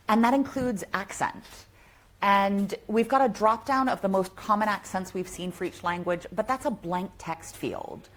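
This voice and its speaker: A woman speaking at a tech conference, answering audience questions in an eager, quick and chatty way. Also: mid-range voice.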